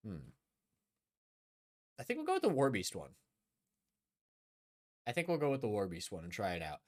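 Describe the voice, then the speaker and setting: Brief: casual young male game streamer, chatty, animated pitch, trails off quietly. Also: normal speed. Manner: chatty, thinking aloud, often trailing off quietly. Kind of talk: casual live game commentary.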